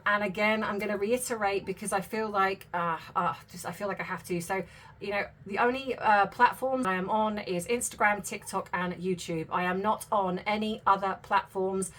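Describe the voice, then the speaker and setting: A woman's voice: mid-range voice, a bit bright. Chatty middle-aged woman. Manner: chatty, self-deprecating storytelling. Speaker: YouTube commentary host. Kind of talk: casual vlog chat.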